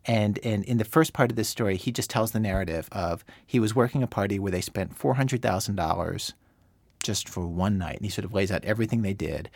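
A man in a dry, close recording explains how radio stories work. He talks very quickly and gravelly, stuffed with "like" and restarts. His voice sits a little low. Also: no echo. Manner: rapid, chatty, full of fillers and repeats. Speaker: radio producer, interview guest. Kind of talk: explaining radio storytelling craft.

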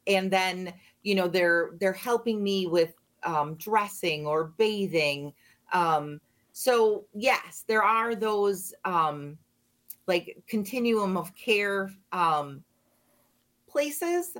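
A woman, a radio guest explaining care options in a measured way with frequent ums. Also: medium pitch, a bit bright. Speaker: manager of a disability and aging resource center. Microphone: studio microphone.

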